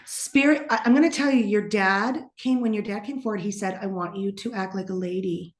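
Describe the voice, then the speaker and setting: A middle-aged woman from the eastern United States, a psychic medium who talks bluntly and sassily and drops into hushed whispers when quoting others. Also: medium pitch, a little fast, echoey room. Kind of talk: casual podcast conversation.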